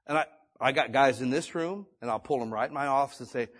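A male pastor preaching a sermon in a folksy, conversational way, swinging between loud and hushed delivery. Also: medium pitch, fast talker. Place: church or meeting room.

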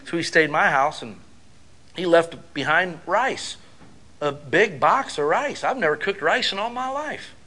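A middle-aged male pastor delivering a sermon, telling casual stories and building up to loud, emphatic preaching. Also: fairly high pitch, animated, unhurried.

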